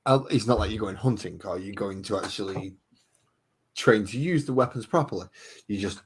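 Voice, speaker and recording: A man's voice: fairly low pitch, normal speed, slight background noise. A British man chatting casually, bantering in a dry, understated way. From United Kingdom. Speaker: guest in chat. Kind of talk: casual chat.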